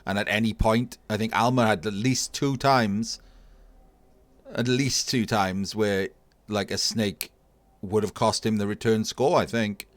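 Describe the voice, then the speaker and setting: A man casually commentating a video game tournament match, analysing plays in a relaxed, thinking-aloud way. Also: lowish voice, measured pace, no room sound. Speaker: tournament caster.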